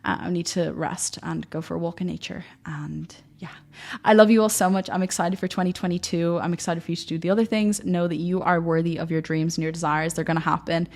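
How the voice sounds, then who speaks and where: A woman's voice: fairly low pitch, little pitch movement, fast, few pauses, a little mellow. A young woman coaching on manifestation in an effusive, gushing way, slightly out of breath with her voice tiring, dropping "like" often. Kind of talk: enthusiastic spiritual pep talk.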